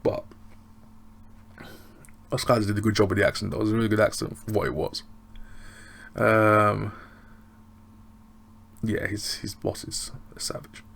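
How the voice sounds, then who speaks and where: A man's voice: lowish voice, level tone, unhurried, vocal fry, long pauses, a bit bright, slight background noise. An English man reviewing a show in a loose, rambling, chatty way. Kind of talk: casual review chat.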